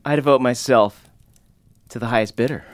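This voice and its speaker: A man's voice: medium pitch, moderate pace, dry recording, lightly acted. A man as a glib young paladin.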